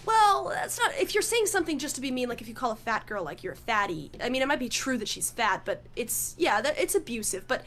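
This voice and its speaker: A woman's voice: sits high, big pitch swings, fast talker, hardly any pauses, a bit bright, a little hiss or hum. A woman in a heated debate, insistent and argumentative, often restarting her sentences. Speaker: debate guest.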